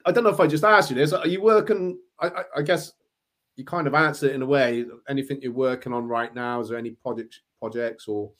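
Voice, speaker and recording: A man hosting a casual interview, relaxed and joking, asking loose rambling questions. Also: mid-range voice, quick pace.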